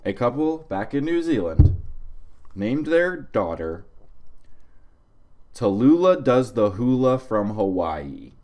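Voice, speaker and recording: A man's voice: mid-range voice, big pitch swings, slow, pauses often, a little mellow. A man co-hosting a comedy podcast, reading out a list of odd facts in a dry, casual way. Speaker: podcast co-host.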